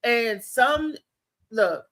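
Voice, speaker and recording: A woman co-hosting a casual talk show, telling stories in an animated way with laughs and restarts. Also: fairly high pitch, extremely slow. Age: adult with a child. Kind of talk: casual chat.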